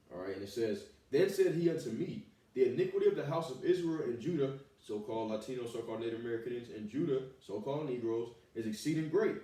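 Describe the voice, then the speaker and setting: A man preaching a fiery sermon in blunt street slang, reading scripture aloud in a loud, emphatic voice. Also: medium pitch. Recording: very echoey room, voice far from the mic.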